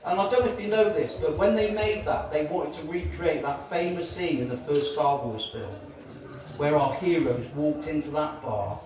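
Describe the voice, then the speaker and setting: A man's voice: on the high side, moderate pace, darkish tone. A man with a Gloucestershire accent doing a stand-up comedy set, crude and self-mocking, recorded from far off in an echoey small venue with the audience audible. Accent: Gloucestershire English. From England.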